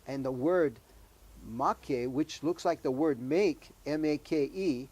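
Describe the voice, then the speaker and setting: A man hosting a children's show, gently quizzing young guests and leading sing-alongs. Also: fairly high pitch, breathy edge. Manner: slow, gentle, quizzing kids. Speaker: host. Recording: music behind voice.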